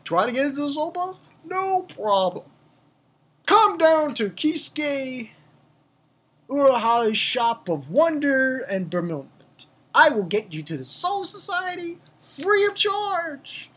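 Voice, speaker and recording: A woman voicing an eager, smooth-talking male shopkeeper who delivers a high, sing-song sales pitch in a comic anime-review reenactment. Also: sing-song, slow pace, fairly bright tone, exaggerated voice. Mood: salesy.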